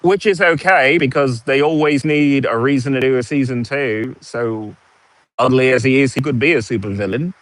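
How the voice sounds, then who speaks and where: A man's voice: mid-range voice, normal speed, no room sound. Posh British-accented man ranting, dry sound. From United States. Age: 40s. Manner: animated, sarcastic storytelling. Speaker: vlogger. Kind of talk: casual ranting monologue.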